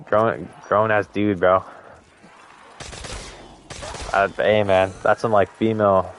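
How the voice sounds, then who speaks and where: A man's voice: lowish voice, level tone, takes it slowly, fairly bright tone, slight background noise. A young man chatting casually to viewers while live-streaming a game, with laid-back slang and frequent swearing. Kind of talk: casual gaming stream chat.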